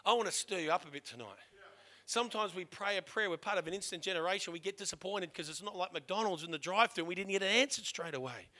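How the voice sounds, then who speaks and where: A middle-aged man preaching a sermon to his church, impassioned, swinging between loud urging and hushed emphasis. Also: high voice, fast talker. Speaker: pastor.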